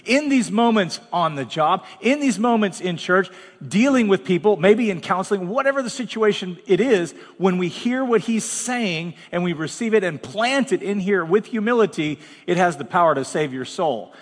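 A man's voice: high-pitched, animated, moderate pace, in a large hall. A man preaching as pastor, talking bluntly and conversationally with dramatic asides. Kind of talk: sermon. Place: large church hall.

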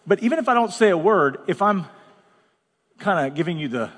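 A man's voice: high-pitched, expressive, a little fast, big-room sound. A man preaching as pastor, talking bluntly and conversationally with dramatic asides. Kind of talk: sermon. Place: large church hall.

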